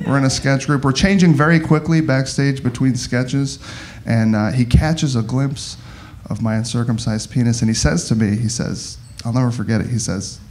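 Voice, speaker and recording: A man performing a stand-up comedy set, animated and exaggerated, jumping in and out of mock voices. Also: mid-range voice, normal speed. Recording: live club with audience laughter.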